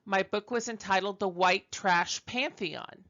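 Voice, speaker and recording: A woman's voice: mid-range voice, a little slow, a bit bright, muffled recording. A woman from Brooklyn giving a conversational recorded university lecture, chatty and self-deprecating, with frequent ums and uhs. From Brooklyn, New York.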